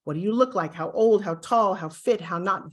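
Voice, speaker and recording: A woman from the United States teaching an online lesson straight to the viewer, lively and coaching, often acting out little exchanges. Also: medium pitch, normal speed. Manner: animated, acts out little quoted exchanges. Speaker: course instructor. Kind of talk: direct-to-camera online lesson.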